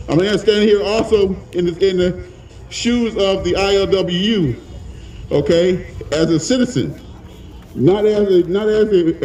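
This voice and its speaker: A man with a fairly high voice rallies a crowd outdoors with a fiery, plain-spoken speech. He is a little out of breath and pushes toward shouting. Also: slight background noise, poor audio. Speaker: union leader and rally speaker. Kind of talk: impassioned rally speech. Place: outdoor protest rally.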